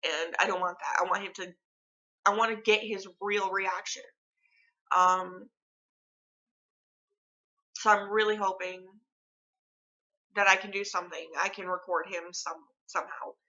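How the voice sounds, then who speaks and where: A woman's voice: mid-range voice, steady tone, unhurried, pauses often, sharp tone, muffled recording. A young woman vlogging at home, chatting casually and rambling with lots of filler words. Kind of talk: casual chat to camera. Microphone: phone camera.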